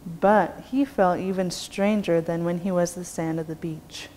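A woman teacher telling a traditional story in a slow, measured, rhythmic way. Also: on the low side, fairly even intonation, a little mellow. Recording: long reverb, faint background noise.

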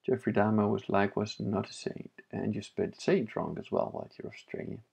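Blunt guy on a livestream reading chat, gravelly and husky. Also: fairly low pitch, a little fast, darkish tone, muffled recording. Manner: blunt, opinionated, laughs often.

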